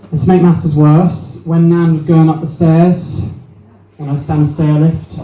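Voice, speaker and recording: A man's voice: on the high side, steady tone, moderate pace, mellow. A young man doing a brash, sweary stand-up set and chatting with the crowd. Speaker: stand-up comedian. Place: small venue with a live audience. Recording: roomy, distant mic with faint noise.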